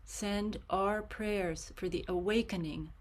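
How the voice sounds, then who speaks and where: A woman hosting an online prayer gathering over a video call, speaking in a gentle, soft-spoken, affectionate way. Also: medium pitch, fairly even intonation, takes it slowly. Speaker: host.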